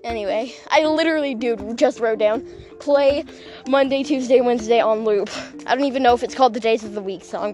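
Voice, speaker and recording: High-voiced giggly rambling woman. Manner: rambling, giggly, full of fillers and self-interruptions. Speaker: podcast host. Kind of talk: casual storytelling chat.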